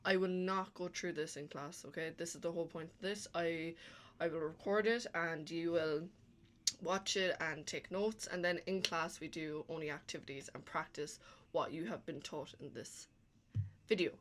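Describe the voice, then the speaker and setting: A woman's voice: deep voice, fairly even intonation, moderate pace. A woman teacher recording a lesson over slides, explaining each step and checking in with "okay?" after most points. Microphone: talking over slides.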